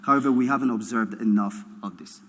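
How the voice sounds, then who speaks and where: A man delivers an academic keynote in a large hall, his voice trailing a long reverb. He explains step by step and keeps repeating himself until everything is clear, dotting his speech with "uh" and "right?". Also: lowish voice, a bit bright, slight background noise. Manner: explains slowly, repeats points, frequent uh and right?. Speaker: keynote speaker. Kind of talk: academic lecture.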